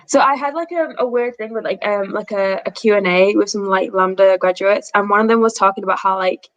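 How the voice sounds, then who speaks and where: Brief: young woman host, relaxed live chat with friends, dry close sound, reads chat aloud. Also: mid-range voice, brisk, no room sound, highs cut off. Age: 20s. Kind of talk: casual livestream chat.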